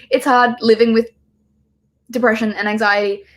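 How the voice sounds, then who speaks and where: A woman's voice: fairly high pitch, fairly even intonation, measured pace, a little hiss or hum. Emotional woman, rambling livestream chat. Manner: emotional, swearing, rambling with laughs. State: choked up. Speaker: filmmaker hosting a livestream.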